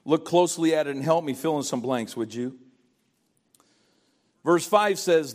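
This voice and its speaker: A man's voice: on the high side, a little slow, long pauses. An older man preaching a sermon in a pleading, earnest way, often stammering and repeating phrases. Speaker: pastor.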